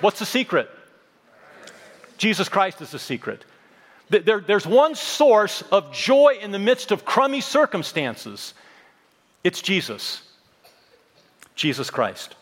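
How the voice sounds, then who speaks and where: A pastor in his fifties preaches with a high-pitched voice that rings out in a reverberant sanctuary. He drives points home with repeated phrases and wry, joking asides. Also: big pitch swings, a little slow, long pauses, a bit bright. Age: 50s. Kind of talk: sermon.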